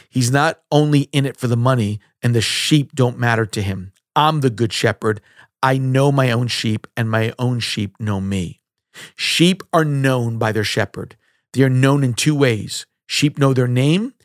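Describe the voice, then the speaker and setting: A male pastor preaching a sermon in a measured, emphatic way, with rhetorical questions. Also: mid-range voice, no echo, clean studio sound.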